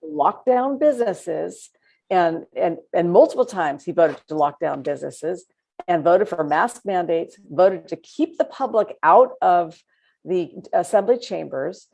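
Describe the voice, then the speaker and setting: A woman co-hosting a political talk show, chatting casually in an animated, sarcastic way and laughing as she talks. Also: fairly low pitch, unhurried, gravelly, slightly rough.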